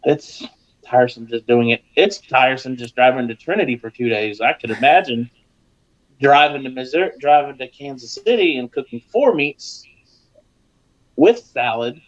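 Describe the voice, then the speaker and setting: Animated storytelling man, lo-fi sound. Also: normal speed. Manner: animated storyteller, voice jumps high when acting out others. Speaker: guest pitmaster. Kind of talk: casual storytelling on a live show.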